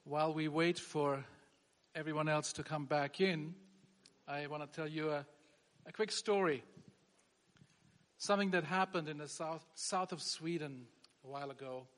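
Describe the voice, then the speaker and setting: A man with a high voice preaches a light, conversational sermon. He often circles back and restarts his phrases. His voice rings out with a long reverb through a big hall. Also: steady tone, normal speed, pauses often, a bit bright. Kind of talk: sermon with humor.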